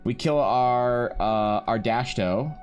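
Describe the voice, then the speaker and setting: Male streamer, mid-pitched, rambling casual chat over faint music. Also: slow pace, a little mellow, dull audio. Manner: rambling, thinking aloud, answering chat.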